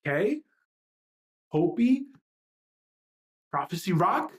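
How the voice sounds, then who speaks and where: Her medium-pitched, expressive voice keeps a measured pace broken by long pauses. She's a livestream host in the middle of an impassioned rant, heated and profane, repeatedly firing rhetorical questions.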